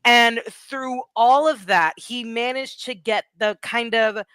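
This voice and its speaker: A woman's voice: on the high side, steady tone, takes it slowly, fairly bright tone, smooth, no room sound. A woman guest on a wrestling podcast, chatting casually and gushing in a rambling way about her favorite moments. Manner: gushing, rambling fan talk. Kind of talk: casual chat.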